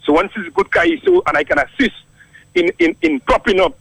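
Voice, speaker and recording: Emphatic, gravelly-voiced man guest. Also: very high-pitched, sing-song, brisk, a bit bright, no echo, low-quality recording. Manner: emphatic, stammering repeats. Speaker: studio guest. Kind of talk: radio conversation.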